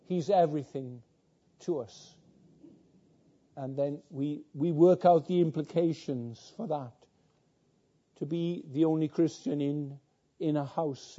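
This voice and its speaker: A man preaching slowly and earnestly, his voice dark and mellow and a little high for a man. He repeats words as he goes and rises to fervent peaks. The recording sounds dull and lo-fi. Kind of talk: sermon.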